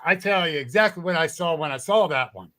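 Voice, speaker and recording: Swearing freely and laughing often, a male cryptid researcher tells stories as a guest in a relaxed storytelling chat. His voice is a little high, expressive, brisk and a bit bright, and his manner is blunt.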